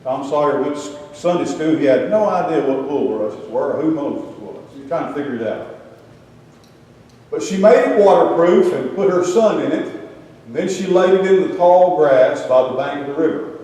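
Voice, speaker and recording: A man's voice: a little high, animated, normal speed, warm tone. An older man giving a folksy sermon, telling a Bible story with humorous asides. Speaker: preacher. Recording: echoey hall, distant mic.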